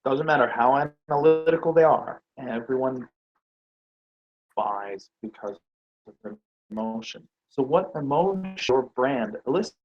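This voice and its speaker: A man's voice: medium pitch, expressive, measured pace, dull audio. Man giving a business talk. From Nordic. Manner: rhetorical questions, acts out quoted reactions. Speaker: speaker on branding and sales.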